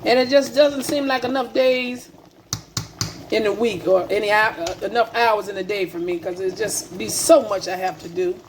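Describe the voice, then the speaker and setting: A woman's voice: medium pitch, normal speed, a little hiss or hum. A woman hosting a casual home cooking vlog, chatty and repetitive, calling her viewers baby and family. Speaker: cooking channel host. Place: home kitchen.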